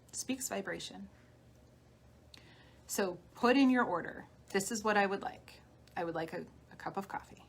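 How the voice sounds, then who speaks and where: A woman healer giving a live-streamed talk, guiding listeners gently through steps like a coach. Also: mid-range voice. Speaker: spiritual healer. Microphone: phone or webcam on a live stream.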